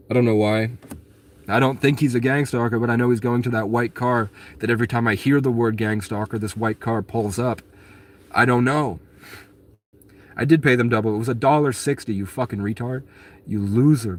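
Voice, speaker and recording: A man telling his own story to viewers in a casual monologue, rambling and aggrieved, with frequent restarts and blunt swearing. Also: mid-range voice. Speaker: vlogger answering viewer questions.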